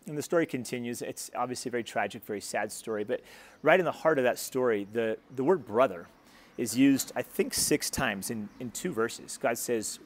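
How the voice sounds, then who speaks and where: A man's voice: medium pitch, normal speed. A man preaching as a pastor in a conversational, earnest way, retelling a scripture story and leading a prayer. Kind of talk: sermon and prayer.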